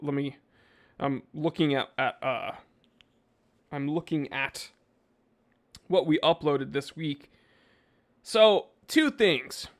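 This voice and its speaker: A man hosting a casual live stream, reading viewer names and chatting in an animated way, with frequent fillers and restarts on a microphone he sometimes bumps. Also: a little high. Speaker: livestream host answering chat.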